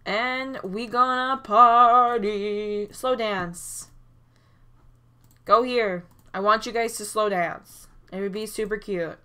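A woman giving chatty, excitable commentary over a life-sim game, recorded on a desk mic at her computer. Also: medium pitch, takes it slowly. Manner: chatty and excitable, frequent "oh my gosh" and small gasps. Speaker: gaming YouTuber. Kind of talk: casual gameplay commentary.

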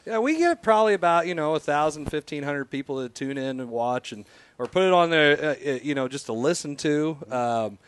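A man's voice: fairly high pitch, expressive, fairly quick, clean tone. A man co-hosting a live stream, joking easily and laughing often. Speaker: co-host. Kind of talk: casual banter on a live stream.

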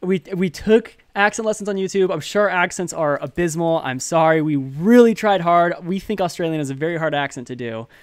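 A laid-back man co-hosting a podcast, speaking casually and often hesitating between thoughts. His voice is somewhat high for a man and sounds close and dry. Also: lively intonation, fairly quick, hardly any pauses, smooth, dry recording. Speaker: podcast co-host.

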